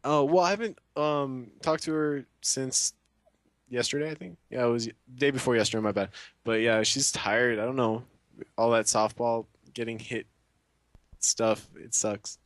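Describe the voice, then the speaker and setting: A man's voice: mid-range voice, moderate pace, dry recording. A young man in casual chat as a guest, rambling and hesitant with many fillers.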